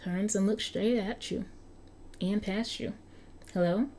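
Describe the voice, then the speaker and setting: A woman's voice: mid-range voice, steady tone, unhurried, darkish tone, a little hiss or hum. A woman reading an interactive story aloud, often stumbling and restarting over words, with chatty asides to her viewers. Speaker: story narrator.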